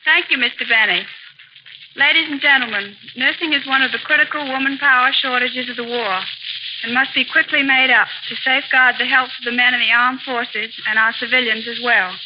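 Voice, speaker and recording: A woman reads a formal wartime appeal in an earnest, steady way. Her voice sits fairly high. The old broadcast is dull, with faint hiss. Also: a little fast. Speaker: guest with a public appeal.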